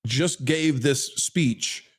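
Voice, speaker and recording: A man hosting a live stream in casual chat, animated and laughing, talking straight to his viewers. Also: mid-range voice, very slow, husky. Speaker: show host.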